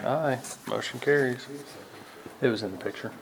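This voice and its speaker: A man's voice: medium pitch, normal speed, gravelly, a little hiss or hum. Man chairing a public board meeting.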